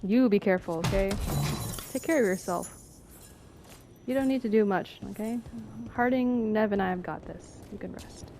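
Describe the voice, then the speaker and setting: A woman's voice: medium pitch, normal speed, pauses often, background noise. A woman streaming a game, reading in-game text aloud with casual asides and frequent laughter.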